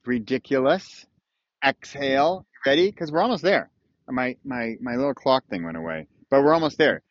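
A man talks straight into his own camera in a playful, self-mocking motivational monologue. His delivery jumps between loud punchy lines and low muttered asides. The sound is dry and a little dull, like a modest lo-fi camera mic. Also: expressive, normal speed, no echo. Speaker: weekly video host. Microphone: camera mic, self-recorded.

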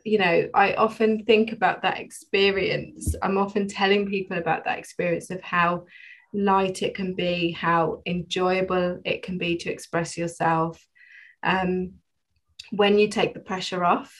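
A woman's voice: lowish voice, little pitch movement, a little slow, low-quality recording. A woman talking as a guest on a podcast, chatty, laughing often and trailing off mid-sentence. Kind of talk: casual podcast chat.

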